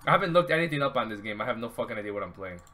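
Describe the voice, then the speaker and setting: Bright-voiced young man swearing at a game. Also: medium pitch, lively intonation, rapid-fire. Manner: profane, exasperated, rambling; talks to chat and friends. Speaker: gaming streamer. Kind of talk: casual live-stream commentary.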